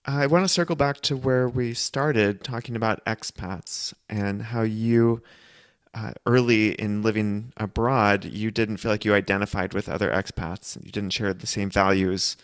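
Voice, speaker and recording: A man hosting an interview, asking measured, thoughtful questions. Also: lowish voice, steady tone. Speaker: podcast host, interviewer. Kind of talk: casual interview.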